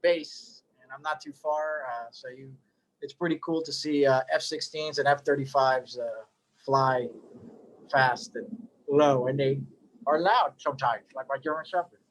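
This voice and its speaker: A man's voice: medium pitch, fairly even intonation, unhurried, a little hiss or hum. A middle-aged man casually telling his story as a cigar maker, rambling with joking asides and lots of fillers.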